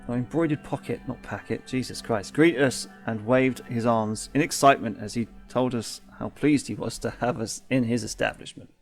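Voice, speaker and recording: A man hosts a let's play in a mid-pitched voice, reading out game text and chatting. He stumbles, corrects himself and laughs easily, with faint music underneath. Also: moderate pace, few pauses.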